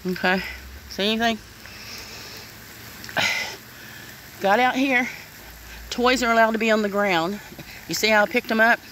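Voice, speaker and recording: A middle-aged woman rants to her viewers while standing outdoors in the rain. Her voice is bright and sharp, and she swears bluntly, calling people "honey" and "y'all." Faint outdoor noise runs underneath. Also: medium pitch, poor audio. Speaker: vlogger. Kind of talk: casual vlog rant.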